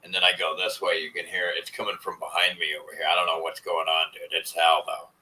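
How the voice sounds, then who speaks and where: A man's voice: low voice, flat delivery, fast, pushed and bright, rough recording. A man chatting casually with viewers on a live stream, rambling and swearing as he complains in frustration. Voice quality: profane, rambling. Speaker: vlogger.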